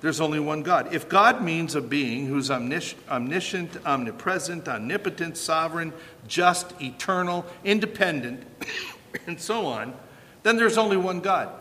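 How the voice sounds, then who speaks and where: A man preaching with a high, bright voice that rises and falls with energy. He keeps asking his listeners questions and answering them himself. His voice carries a long hall reverb. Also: unhurried, slight background noise. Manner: animated, asks the audience rhetorical questions. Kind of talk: sermon.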